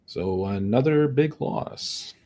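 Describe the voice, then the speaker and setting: A man's voice: medium pitch, animated, slow pace, dark tone. A young man live-streaming his day trading, exasperated and swearing as he mutters to himself about his losses. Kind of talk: frustrated live commentary.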